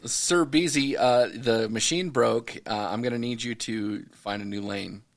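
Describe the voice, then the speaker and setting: Dude playing a stressed cashier, stammery, swears at customers, middle pitch. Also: male voice, a little slow, natural voice. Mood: flustered. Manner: flustered, stammering, cursing back. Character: overwhelmed rude male store cashier. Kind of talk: improv skit.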